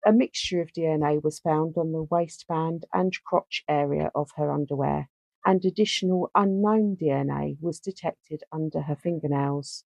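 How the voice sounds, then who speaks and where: A woman's voice: deep voice, normal speed, vocal fry, dry recording, highs cut off. A woman co-hosting a true-crime podcast, joking and swearing in casual chat, then reading case details aloud. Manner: animated, sweary, reads case notes aloud. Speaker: podcast co-host.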